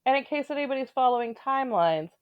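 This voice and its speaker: A woman's voice: high-pitched, animated, quick pace, dull audio, a little hiss or hum. A woman giving casual, opinionated commentary on a reality show, with blunt, sarcastic asides.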